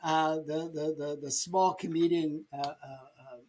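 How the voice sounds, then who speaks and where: Man, podcast host, casual chat, rambling, restarts, high-pitched. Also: steady tone, a little mellow. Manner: rambling, quick, many restarts.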